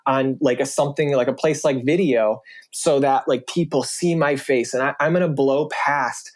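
A man's voice: mid-range voice, steady tone. A man talking as a guest on a casual podcast, loose and filler-heavy, with lots of "like"s. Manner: fast, filler-heavy talk with many "like"s.

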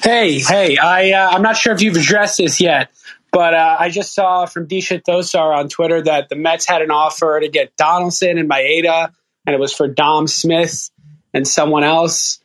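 A man's voice: a little high, steady tone, moderate pace, a bit bright. A man calling in to a sports talk show, earnest and hesitant, often restarting his sentences. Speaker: caller.

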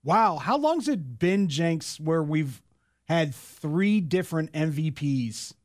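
A man co-hosts a sports talk show, reading game recaps and then teasing his co-hosts. His voice is on the high side for a man. He speaks from a studio. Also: lively intonation, takes it slowly. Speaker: producer and co-host. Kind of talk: casual sports segment hosting.

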